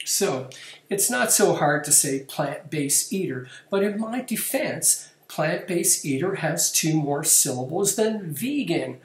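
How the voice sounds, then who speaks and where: A man's voice: on the high side, animated, takes it slowly. Man vlogging wryly in an echoey room. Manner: wry, playful, self-mocking. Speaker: vlog host. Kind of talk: casual talk to camera, reading viewer comments.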